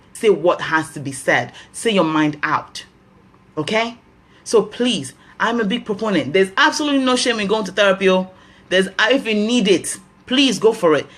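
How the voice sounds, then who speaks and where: A woman's voice: mid-range voice, a bit bright. A woman with a Nigerian accent hosting a health talk, giving earnest advice and repeating key phrases for emphasis.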